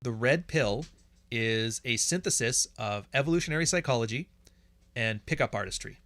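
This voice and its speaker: Blunt, bright-voiced Canadian man. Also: mid-range voice, expressive, moderate pace, dry recording. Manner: blunt, profane and sarcastic, laughs often. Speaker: podcast host answering chat questions. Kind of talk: casual livestream chat.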